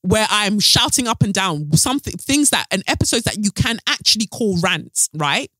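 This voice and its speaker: A woman hosts her own podcast alone, talking bluntly and fiercely and swearing freely. Her pitch sits in a middle range. She is recorded close and dry, with no room sound. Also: big pitch swings, moderate pace, pushed and bright, no room sound. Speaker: podcast host. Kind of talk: solo podcast monologue.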